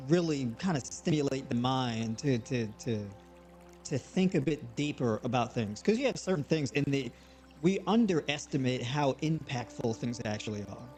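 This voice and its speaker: A man hosting a live online show, talking casually and motivationally with frequent repeats and animated bursts. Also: mid-range voice. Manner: conversational, repeats words, rising to animated bursts.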